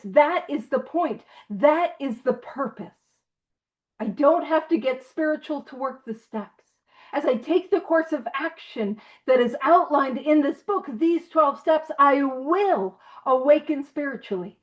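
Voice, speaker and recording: A woman leading an online recovery book study in a playful, animated teaching manner, with laughing asides. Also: high voice. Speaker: study group leader.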